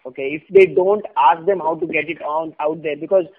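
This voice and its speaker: A man's voice: fairly high pitch, steady tone, a little fast, a crowd in the background. A man with an Indian English accent hosting a casual discussion, explaining with frequent hesitations. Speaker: host. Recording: tinny phone-like sound.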